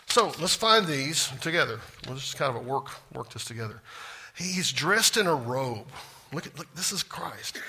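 A man's voice: mid-range voice, pushed and bright, slightly rough. A man teaching a Bible class in a church classroom, folksy and drawling, often stopping to quiz the group. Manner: folksy, asks the class questions.

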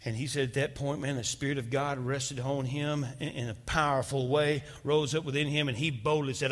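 A man's voice: mid-range voice, fairly even intonation, fairly quick, hardly any pauses. A male pastor preaching a sermon and dramatically retelling a testimony. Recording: long reverb of a large hall.

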